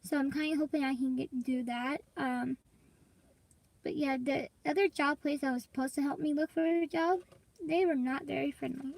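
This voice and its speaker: A woman's voice: sits high, steady tone, moderate pace, gravelly, a little mellow, poor audio. A young woman vlogging in casual, rambling chat to her viewers, coughing and congested from allergies. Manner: rambling, chatty, addresses viewers as y'all.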